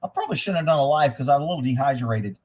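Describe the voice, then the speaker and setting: A middle-aged man hosting a live stream, ranting loudly and profanely as he tells stories in casual talk. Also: mid-range voice, lively intonation, very fast, breathy edge. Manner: loud, profane, type A storyteller.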